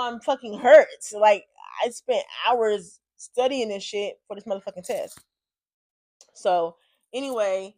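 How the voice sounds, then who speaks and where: A woman vlogger telling a story casually, with animated, profanity-heavy, exasperated delivery. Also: medium pitch, no room sound.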